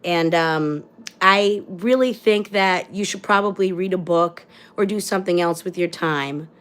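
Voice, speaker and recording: A woman's voice: on the low side, measured pace, fairly bright tone, smooth. A woman hosting her own livestream, delivering an angry, blunt and profane rant full of repeated rhetorical phrases. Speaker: livestream host.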